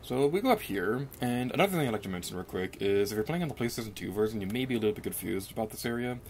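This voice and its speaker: Chatty young man with excitable pitch jumps. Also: slight background noise. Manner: chatty and self-mocking, with quick pitch jumps when excited. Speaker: let's play commentator. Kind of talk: casual gameplay commentary. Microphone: desk microphone.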